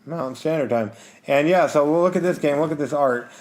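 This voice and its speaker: A man's voice: on the high side, fairly quick. Easygoing male podcast co-host. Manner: easygoing, reads out funding details, gently corrects his co-host. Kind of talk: casual chat previewing crowdfunded games.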